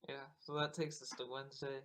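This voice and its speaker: A man co-hosting a casual podcast, chiming in with short remarks and quick corrections. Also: medium pitch, flat delivery, fairly bright tone. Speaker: podcast co-host. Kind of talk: casual chat.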